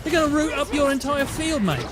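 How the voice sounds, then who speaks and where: A man's voice: very high voice, big pitch swings, a little fast, music in the background, a crowd in the background, voice pushed up. Man putting on a scolding British farmer. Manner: mocking impression, shouted scolding.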